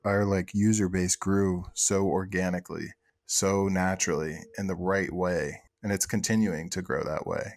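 A man with a low, gravelly voice talks as a guest on a podcast. He speaks casually and eagerly, often restarting sentences and dropping the odd swear word. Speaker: guest, software project co-founder.

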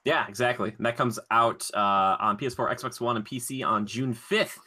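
A man's voice: medium pitch, fairly even intonation, pushed and bright. A young man co-hosting a podcast in casual chat, joking and acting out little voices. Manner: joking, quick to laugh and act out voices. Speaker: podcast co-host.

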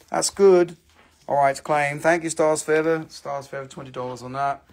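A man's voice: a little high, normal speed, darkish tone. A man hosting a live stream that sells stones, chatting casually, joking and swearing as he goes. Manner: joking, profane, chatty patter. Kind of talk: casual live sales chat.

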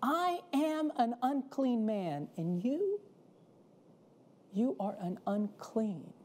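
A woman's voice: on the high side, very animated, slow, darkish tone, full character voice. A woman voicing a fearful outcast man pleading. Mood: anguished.

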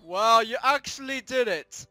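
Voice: mid-range voice, unhurried, loud music behind the voice, natural voice. A performer voicing a cocky male plush plumber who taunts his friend in a comedic puppet gaming skit, with mocking, gloating delivery. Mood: teasing.

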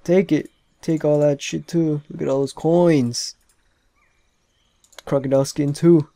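Young man, let's play commentary, excitable, swears a lot, taunts characters, dry sound. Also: on the high side, unhurried, creaky, no room sound. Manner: excitable, swears often, talks to game characters. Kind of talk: casual gameplay commentary.

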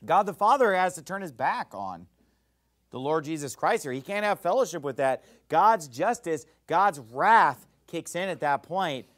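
A man preaching a Baptist sermon, emphatic and animated, now and then shouting out acted quotes. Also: on the high side.

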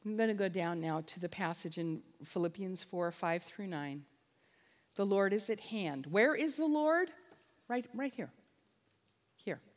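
A woman's voice: medium pitch, expressive, measured pace. A woman preaching a sermon-style talk as a conference speaker, impassioned and emphatic, leaning on repetition. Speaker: conference speaker and biblical counselor. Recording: long reverb of a large hall.

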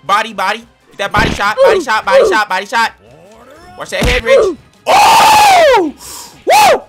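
A man giving loud, slangy play-by-play commentary on his own gameplay, yelling and whooping at the action. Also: very high voice, huge pitch swings, normal speed, over loud music, a loud crowd. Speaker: gaming channel host. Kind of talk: excited let's-play commentary.

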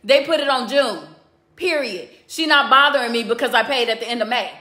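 A woman's voice: a little high, brisk, bright, forceful tone, roomy sound. A woman in her forties on a live stream at home, ranting bluntly and profanely in a heated family argument. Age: 40s. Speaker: mother livestreaming a family argument. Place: home, indoors. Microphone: phone, live stream.

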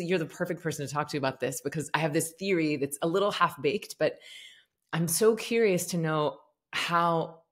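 Low-voiced woman. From Southern United States. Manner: expressive, thoughtful, musing aloud. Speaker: guest, meditation teacher. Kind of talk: conversational podcast interview.

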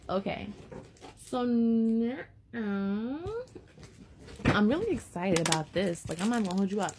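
A woman's voice: medium pitch, takes it slowly, pauses often, background noise. A woman vlogger chatting casually and rambling to her viewers as she unboxes something, a little out of breath.

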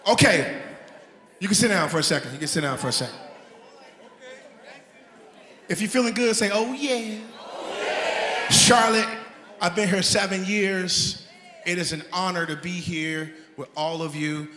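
High-voiced man chatting from a concert stage. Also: unhurried, pushed and bright. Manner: chatty, hypes the crowd, laughs at himself. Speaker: singer performing live. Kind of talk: stage banter between songs. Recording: echoey venue with live band. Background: band music.

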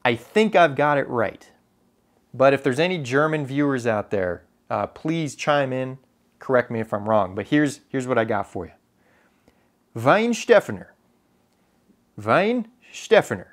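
A man's voice: medium pitch, expressive, normal speed. Brief: young American guy, casual vlog host, mid-range voice, rambling and self-deprecating, lots of filler. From United States. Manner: chatty, self-deprecating, with many ums and uhs. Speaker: photography YouTuber. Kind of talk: casual chat to camera.

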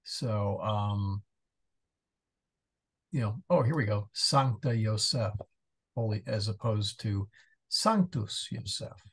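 Slow, gravelly man teaching Latin. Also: on the low side, lively intonation. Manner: thinks aloud, mumbling asides while searching. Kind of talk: casual online class. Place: church parish class over video call.

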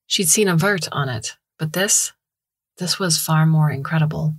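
A woman narrating a science fiction story in a measured, steady storytelling style on a close studio mic. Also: deep voice, husky.

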